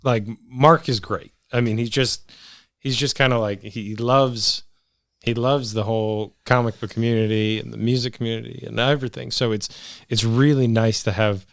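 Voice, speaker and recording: A comic book artist in a casual interview, talking in a relaxed and agreeable way. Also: male voice, medium pitch, moderate pace, gravelly, dry recording, studio quality. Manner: relaxed, agreeable, many fillers.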